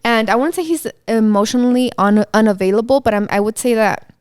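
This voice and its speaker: A woman's voice: a little high, brisk, a little mellow, clear, resonant tone, dry recording, studio quality. A woman co-hosting a casual podcast with her husband, explaining her views earnestly and often adding "you know.". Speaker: podcast co-host. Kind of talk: casual chat.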